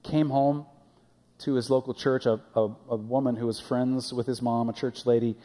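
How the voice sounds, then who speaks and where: Man, pastor, casual sermon, repeats words, medium pitch, long church reverb. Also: level tone, normal speed, mellow. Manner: conversational, repeats his words and acts out quotes. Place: church sanctuary.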